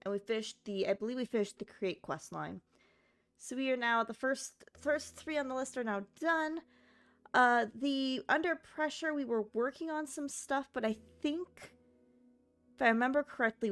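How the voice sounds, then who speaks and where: A woman's voice: a little high, normal speed, a bit bright. Sleepy chatty woman streaming a game. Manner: chatty, rambling, talks to her chat. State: sleepy, just woke up. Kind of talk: casual game-stream chat.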